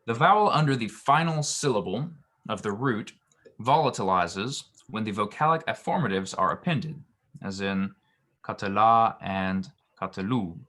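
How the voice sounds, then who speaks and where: A man with a somewhat low voice explains Hebrew verb forms in a relaxed, patient way. He often pauses with an "um" or restarts a phrase before moving on. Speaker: Hebrew teacher. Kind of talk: online grammar lesson.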